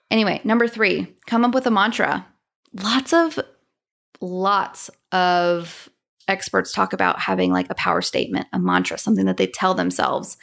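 A woman's voice: on the low side, creaky, fairly bright tone. A woman co-hosting a podcast, talking casually and coaching listeners through examples. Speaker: podcast co-host. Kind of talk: casual self-help chat.

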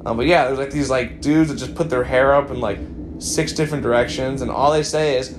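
A man's voice: mid-range voice, a little fast, a little hiss or hum. Rambling young man podcast host. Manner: rambling, filler-heavy, wry. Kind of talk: casual chat.

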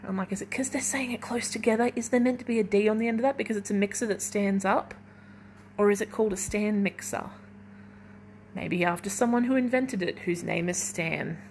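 A woman's voice: medium pitch, brisk, a little mellow, slight background noise. Chatty young woman rambling while baking. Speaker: podcast host. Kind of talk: casual solo podcast chat. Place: at home in her kitchen while baking.

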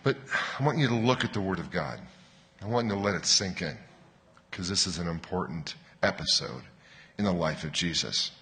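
Man preaching with a bright tone. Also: deep voice, lively intonation. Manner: wry joking, then slow storybook reading. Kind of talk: sermon with humorous readings. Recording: reverberant hall.

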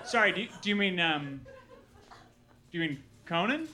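A man from Milwaukee performing a stand-up comedy set, telling stories with animated acted-out quotes. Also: high voice, moderate pace, long pauses, very noisy. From Milwaukee, Wisconsin. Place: comedy club with live audience.

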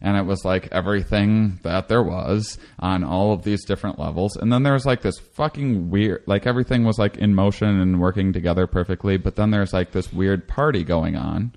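A man talking casually in a rambling way, with many restarts, who acts out quotes in a high excited voice. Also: a little fast, hardly any pauses. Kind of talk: casual conversation.

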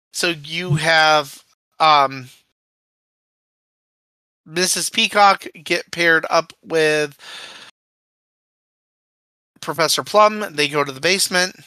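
Brief: chatty co-host, bright tone, dry booth sound, animated plot recap. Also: mid-range voice, dry recording, low-quality recording. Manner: lively storyteller, acts out quotes. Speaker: podcast co-host. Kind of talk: casual movie recap chat.

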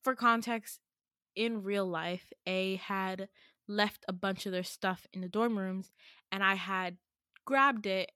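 A woman's voice: medium pitch, sharp tone, dry recording, studio quality. Chatty young woman telling a story. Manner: chatty, heavy use of "like", emphatic and indignant. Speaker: podcast host. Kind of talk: casual storytelling.

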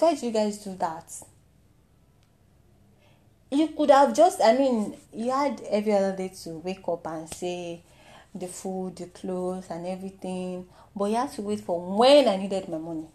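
With an unhurried delivery and medium pitch, this young Nigerian-accented woman acts out a comic monologue, playing up mock outrage and mixing pidgin and Yoruba phrases into her lively performance.

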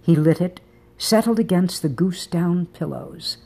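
A woman narrating a romance novel in a soft, intimate reading style. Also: on the low side, unhurried, breathy edge. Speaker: audiobook narrator.

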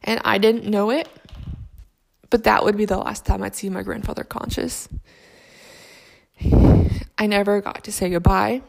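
A young adult woman telling a personal story about grief in a soft, reflective, halting way. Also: mid-range voice, fairly even intonation, gravelly.

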